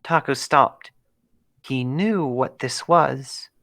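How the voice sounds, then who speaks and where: Low-voiced woman reading a story aloud. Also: takes it slowly, a bit bright, no room sound, studio quality. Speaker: narrator, reader of fan fiction. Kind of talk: live stream story reading.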